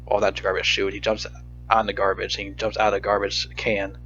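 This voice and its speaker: A man's voice: lowish voice, completely flat delivery, a little fast, sharp tone, a little hiss or hum. A man giving a casual, rambling movie review rant, profane and frustrated, in slightly dull lo-fi audio.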